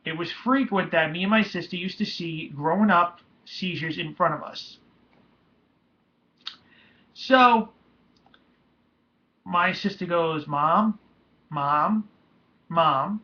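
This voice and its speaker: A man's voice: high-pitched, sharp tone. Young man telling a painful story, lo-fi. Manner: halting, emotional, retelling with many restarts. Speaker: vlogger. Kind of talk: personal storytelling. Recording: dull lo-fi home recording.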